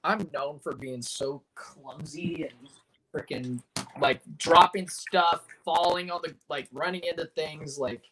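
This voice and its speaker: A man's voice: fairly high pitch, unhurried, bright, forceful tone, a little hiss or hum, rough recording. A man hosting a casual movie watch-along, telling stories with lots of laughter. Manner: chatty storyteller, laughs often. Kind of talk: casual chat.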